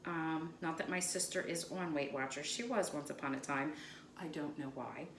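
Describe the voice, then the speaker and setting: A woman's voice: low-pitched, normal speed. A woman hosting a home cooking video, chatting casually and wandering into side stories as she demonstrates a recipe in her kitchen. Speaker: cooking channel host. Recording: echoey room with faint noise.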